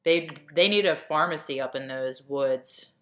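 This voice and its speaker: A woman's voice: low voice, unhurried, fairly bright tone. A woman co-hosting a casual chat, rambling with lots of fillers and poking fun at herself. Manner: rambling, filler-heavy, self-deprecating.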